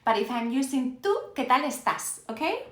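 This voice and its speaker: A woman's voice: high voice, animated, moderate pace. A woman from Spain with a Spanish accent, teaching a live-streamed lesson in an upbeat way and checking in with "okay?" after nearly every phrase. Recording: echoey room.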